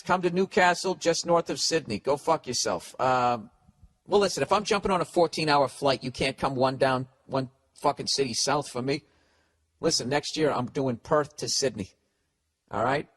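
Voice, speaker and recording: A man's voice: mid-range voice, moderate pace, dry recording. Profane, blunt male podcast host. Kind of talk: comedic advice rant.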